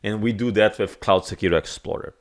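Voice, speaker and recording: A man's voice: lowish voice, quick pace. A man with a giving an enthusiastic conference keynote, with small grammar slips. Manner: enthusiastic, with some non-native grammar slips. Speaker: keynote speaker.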